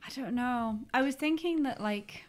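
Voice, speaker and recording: A woman co-hosting a podcast, speaking softly and trailing off unsure. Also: high voice, moderate pace. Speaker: podcast co-host. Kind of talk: casual chat.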